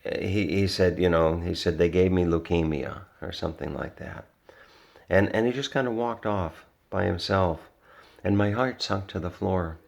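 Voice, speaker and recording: A man's voice: low voice, normal speed, gravelly. A man vlogging, rambling through a personal story in a casual, earnest way with lots of restarts and fillers. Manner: earnest, reflective.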